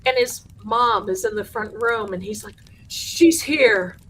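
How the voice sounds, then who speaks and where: A woman hosting a live show, telling a haunted house story with lively energy and acting out the people in it. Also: mid-range voice, moderate pace, slight background noise. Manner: animated, acts out the people in her story. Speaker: host.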